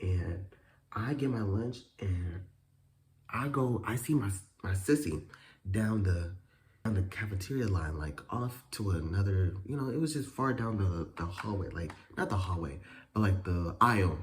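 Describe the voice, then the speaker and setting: A young man with a low-set voice tells a story to camera. He talks casually and profanely, leaping up in pitch when he gets animated and dropping back down between beats. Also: measured pace. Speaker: vlogger.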